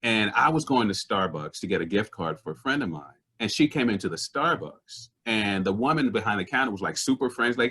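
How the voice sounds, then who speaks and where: A man, a comedian, telling stories in conversation, animated and earnest, slipping into other people's voices. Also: on the low side, brisk, few pauses, slightly rough. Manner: earnest and indignant about social issues. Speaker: comedian guest. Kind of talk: conversational storytelling.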